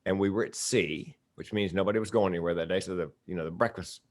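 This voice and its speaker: A man's voice: low-pitched, fast talker. A middle-aged man, a comedian and speaker, telling stories as a guest in a casual interview, with punchy comic timing.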